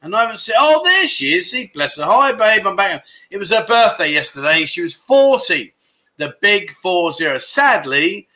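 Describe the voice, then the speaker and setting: Middle-aged British male streamer, cheeky banter, high, sharp-edged voice. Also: very animated, moderate pace. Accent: British English. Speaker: livestream host. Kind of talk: casual livestream chat.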